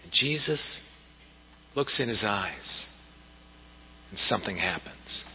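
A male pastor preaching a sermon in an animated storytelling manner, heard in a church hall on a dull recording. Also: fairly low pitch, takes it slowly, slightly rough. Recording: reverberant hall, dull lo-fi sound.

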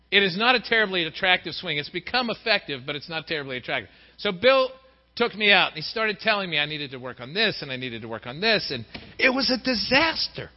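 Middle-aged male preacher, high-pitched and expressive; muffled sound with long hall reverb. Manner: lively, acts out quoted voices. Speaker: pastor. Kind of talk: sermon. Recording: dull recording in a reverberant hall.

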